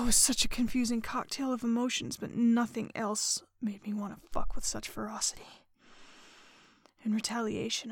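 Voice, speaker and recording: Breathy, whispering woman narrator. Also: fairly high pitch, dry recording, clean studio sound. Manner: breathy, often whispered, panting delivery. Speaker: erotic story narrator. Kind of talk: first-person erotic audio story reading.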